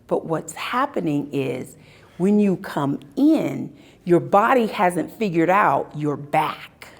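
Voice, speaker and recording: Unhurried, animated woman speaker. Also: on the low side, vocal fry. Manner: animated storytelling, acting out scenes. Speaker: spiritual workshop speaker. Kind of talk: live talk to an audience. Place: expo hall.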